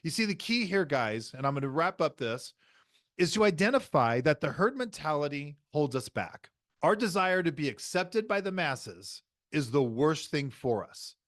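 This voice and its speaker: A middle-aged man delivers a motivational podcast monologue in a fairly high voice. He speaks with emphasis and returns to the same phrases again and again. The sound is dry and close, with no room around it. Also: sing-song, moderate pace, a bit bright, no room sound. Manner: emphatic, repeats key phrases. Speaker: podcast host.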